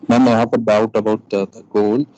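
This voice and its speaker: A man's voice: lowish voice, little pitch movement, moderate pace, warm tone, rough recording. Hesitant man asking a question. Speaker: webinar attendee asking a question. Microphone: video call.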